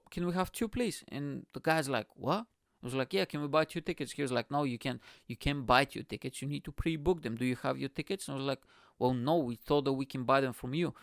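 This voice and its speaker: A man's voice: mid-range voice, creaky, dry recording, clean studio sound. A man from Bulgaria hosting his own show, telling a story in a casual monologue, swearing a lot and acting out the other people's lines. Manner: animated, swears a lot, acts out quoted voices. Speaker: podcast host.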